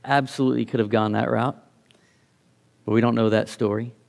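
A man's voice: mid-range voice, fairly even intonation, a little fast, vocal fry, darkish tone. A middle-aged man giving a reflective sermon, reading scripture aloud and often restarting his phrases. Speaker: preacher.

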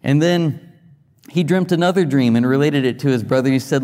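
A man's voice: mid-range voice, fairly quick, darkish tone. Man preaching in a reverberant hall. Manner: conversational teaching with rhetorical questions and restarts. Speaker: pastor. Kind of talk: sermon. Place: church sanctuary.

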